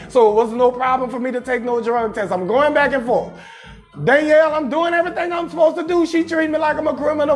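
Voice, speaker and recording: Man, comedian host, profane storytelling, loud and emphatic, faint music underneath. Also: very high-pitched. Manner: loud, emphatic, frequently shouting punchlines.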